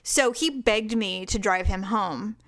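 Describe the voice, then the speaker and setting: A woman co-hosting a podcast, telling a bad-date story in a frank, animated way, acting out the dialogue and laughing often. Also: medium pitch, slow pace. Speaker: podcast co-host. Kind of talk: casual storytelling chat.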